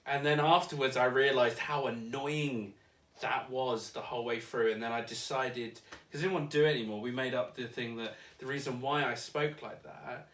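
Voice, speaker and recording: A man's voice: mid-range voice, steady tone, moderate pace, fairly bright tone. A young man chatting casually, rambling and hedging with many fillers and laughs. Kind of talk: casual chat. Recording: roomy, distant mic.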